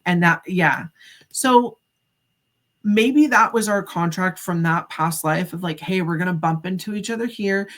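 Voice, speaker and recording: A middle-aged woman who is a psychic medium narrates a story on a podcast as a guest, speaking in a lowish voice at a measured pace. Her telling is animated, with acted-out dialogue and frequent "like" fillers.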